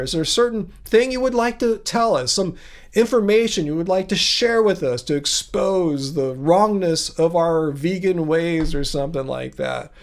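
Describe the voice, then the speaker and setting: Chatty high-voiced man hosting a livestream. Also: creaky. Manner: chatty, reads viewer comments aloud and replies; rambling with many restarts and fillers. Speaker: livestream host answering chat. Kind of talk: casual livestream chat.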